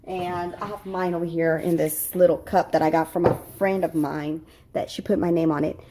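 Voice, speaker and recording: A woman's voice: lowish voice, fairly even intonation, moderate pace, noisy background. A woman chatting her way through a home cooking tutorial in her kitchen, rambling with lots of fillers and self-corrections, teary from cutting onions. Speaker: cooking vlogger.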